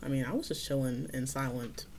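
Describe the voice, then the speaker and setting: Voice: medium pitch, steady tone, fairly quick, gravelly, a little mellow. A podcast co-host in casual chat, laid-back and wry, often laughing and groaning.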